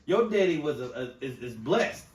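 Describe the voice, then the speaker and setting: A man's voice: a little high, sing-song, moderate pace. A man co-hosting a podcast, bantering and joking in casual chat. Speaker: podcast co-host. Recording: roomy, distant mic with faint noise.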